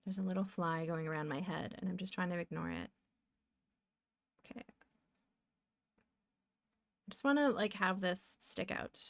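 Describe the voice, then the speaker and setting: A woman's voice: lowish voice, moderate pace, long pauses. A woman from Canada, chatting casually with viewers while drawing, giggly and talking to herself as she works. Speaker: streamer.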